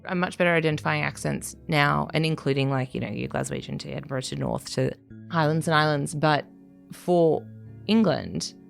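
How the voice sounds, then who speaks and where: Low, gravelly Australian woman musing. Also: normal speed, faint music behind. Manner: conversational, hesitant, many fillers and restarts, laughs often. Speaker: writer. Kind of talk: reflective casual interview talk. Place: living in Scotland.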